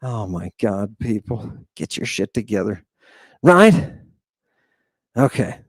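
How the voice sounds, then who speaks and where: A man's voice: lowish voice, very animated, takes it slowly, husky, no echo. A man giving a lecture to his viewers in a theatrical, exclamatory manner, with many sighs and asides. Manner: theatrical, sighing, exclamatory, addresses viewers as "people". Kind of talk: livestream lecture.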